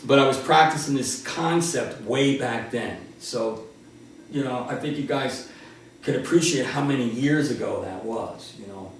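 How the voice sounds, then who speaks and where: A man in his sixties, a martial arts instructor telling a story in an animated, laughing way. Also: mid-range voice, a little slow, slight background noise. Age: 60s. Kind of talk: casual storytelling. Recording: roomy, distant from the mic.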